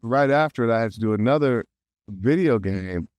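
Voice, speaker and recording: A middle-aged male voice actor, a guest in an interview, telling a story in an animated way and acting out quotes with big jumps in pitch. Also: moderate pace, no room sound, studio quality.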